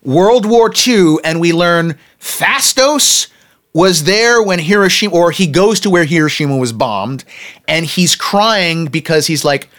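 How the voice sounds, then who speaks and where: A man co-hosting a casual movie review chat, animated and acting out characters in quick put-on voices. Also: a little high. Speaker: podcast co-host.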